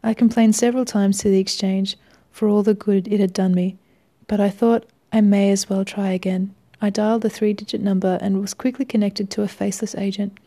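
A woman reading a first-person story aloud in a wry, measured way, sometimes dropping to a hush. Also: medium pitch, flat delivery. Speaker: reader.

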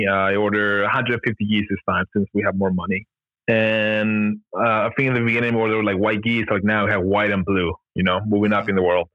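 A man with a fairly low voice tells a long story as a podcast guest, filling it with "like" and "you know" and chuckling along the way. The sound is dry and close, with a slightly dull, muffled tone. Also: no echo. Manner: rambling, heavy use of "like" and "you know", laughs often. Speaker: podcast guest, gear company founder. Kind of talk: casual storytelling in an interview.

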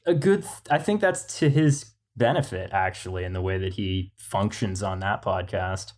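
A man's voice: low-pitched, moderate pace, a little mellow. A man co-hosting a podcast, chatting about films in a jokey way and laughing often. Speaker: podcast co-host. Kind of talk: casual film discussion.

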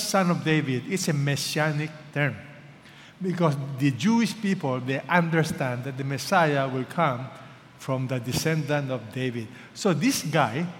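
A man preaching a sermon as pastor, swinging from urgent, loud peaks to hushed lows and asking his listeners questions. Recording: reverberant hall with faint background noise.

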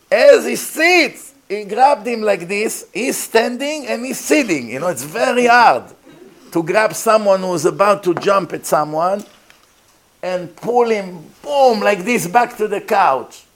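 A man speaks, giving a rabbi's storytelling lecture. He acts out the voices of the people in his stories and laughs often along the way. His pitch swings widely as he talks.

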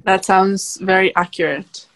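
A woman's voice: medium pitch, fairly even intonation, measured pace, a bit bright. A young woman co-hosting a casual podcast chat, giving brief, dry replies. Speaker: podcast co-host.

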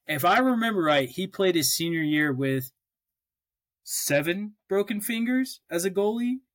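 A young man from Oklahoma with a high, lively voice co-hosts a podcast, telling stories at an unhurried pace. He swears freely and restarts often in the casual chat, and there's no room sound.

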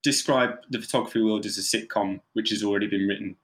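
In a fairly low, fast voice, a male photographer on a podcast spins casual stories packed with filler words and mimicked voices. He sounds animated, and the room adds a noticeable echo.

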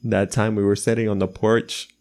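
A man's voice: lowish voice, flat delivery, normal speed, darkish tone. A man in casual chat, laid-back, giving short reactions and laughing along. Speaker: boyfriend listening and chiming in.

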